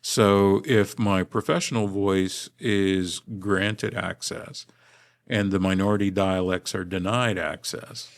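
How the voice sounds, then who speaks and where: A man from Los Angeles, a visiting linguistics professor, telling his story in a measured, articulate podcast interview. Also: sits low, steady tone. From Los Angeles, USA. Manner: measured, articulate academic delivery.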